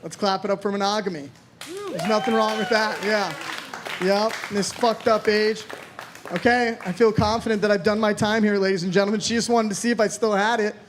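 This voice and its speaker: A man's voice: high-pitched, fairly even intonation, fairly quick, a faint crowd. A man in his thirties from Florida doing a rambling, self-deprecating stand-up set, swearing freely. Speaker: stand-up comedian.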